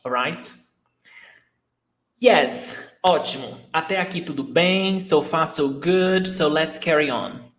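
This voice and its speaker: A man teaches a live online lesson at an unhurried pace. He explains patiently and answers viewers' questions as they come in. His voice carries a roomy echo. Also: on the high side, fairly bright tone. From Brazil. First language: Portuguese. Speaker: Portuguese teacher.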